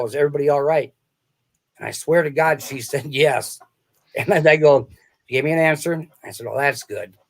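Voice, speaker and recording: A sales author from a small town in the American Midwest is a guest in a casual interview, and his voice sits on the high side. He tells stories in a rambling way, laughing often and restarting his sentences.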